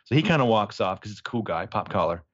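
A man co-hosting a podcast from home, recapping scenes in an animated, jokey way and swearing freely. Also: on the low side, quick pace, highs cut off. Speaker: podcast co-host. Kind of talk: casual chat, recapping scenes. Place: home, with a cat near the mic.

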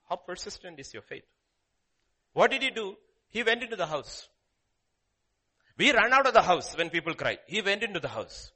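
A man preaching a sermon, emphatic and repetitive, swinging from loud calls to hushed lines. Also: fairly high pitch, slightly rough.

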